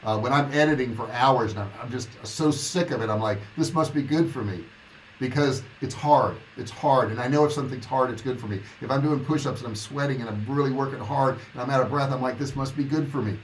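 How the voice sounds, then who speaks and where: A man's voice: medium pitch, quick pace, hardly any pauses, a little hiss or hum, rough recording. Older male coach in his sixties, plainspoken and motivational, chatting live and answering viewer questions. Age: 60s. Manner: blunt, motivational, reads viewer comments aloud. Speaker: online business coach. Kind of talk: casual livestream chat.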